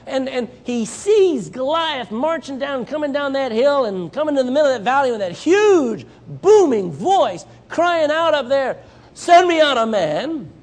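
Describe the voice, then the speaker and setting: A man's voice: very high voice, moderate pace, few pauses. A man with a Southern US accent preaching a sermon as a missionary, acting out Bible characters as he goes. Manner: animated, acts out Bible characters.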